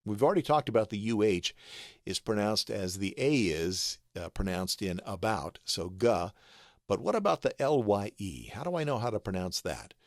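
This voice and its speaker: A man's voice: lowish voice, sing-song, moderate pace, no room sound, clean studio sound. An American man patiently walking through a pronunciation tutorial, spelling out letters step by step. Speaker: voice artist teaching pronunciation. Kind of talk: screen-share tutorial.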